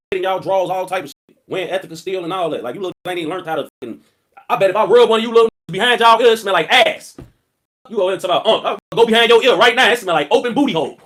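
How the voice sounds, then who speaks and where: This man hosts a livestream and spins casual stories at a rapid, high-energy clip. Originally from Chicago, he comes across as loud and excitable, full of trash talk and thick slang.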